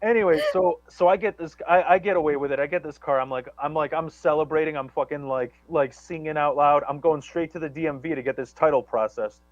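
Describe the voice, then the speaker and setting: A man's voice: on the high side, brisk, hardly any pauses, no echo, muffled recording. A man telling a long story on a live talk show, rambling and profane, with many restarts and stammers. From Chicago area. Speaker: guest storyteller.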